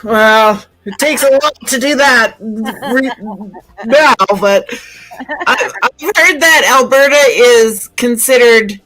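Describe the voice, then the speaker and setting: A Canadian woman chatting casually as a guest, relaxed and given to laughing at herself. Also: a little high, slow. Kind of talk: casual chat.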